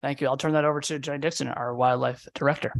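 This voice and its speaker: A man's voice: mid-range voice, fairly even intonation, fast, creaky. A man, a deputy commissioner, answering questions at a public hearing with lots of fillers. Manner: hesitant, many fillers.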